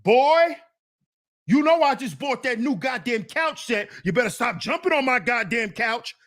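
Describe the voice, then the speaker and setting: A man imitating a mother who loudly scolds her son for jumping on her new couch. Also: extremely high pitch, expressive, a little slow, exaggerated voice. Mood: scolding. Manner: loud nagging scolding.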